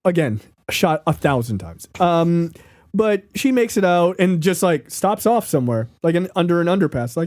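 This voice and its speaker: A man co-hosting a movie-review podcast, talking in casual, profane banter and acting out scenes in quick impressions. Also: on the high side, very animated, darkish tone, no room sound, clean studio sound. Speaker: podcast co-host.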